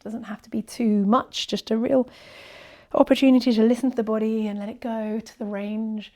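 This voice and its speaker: Gentle higher-voiced woman leading yoga. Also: level tone, normal speed. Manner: soft, gentle and encouraging, slipping into near-whispers on breath counts. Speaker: yoga teacher. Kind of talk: guided yoga class instruction. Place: indoors, quiet room with birds faint outside.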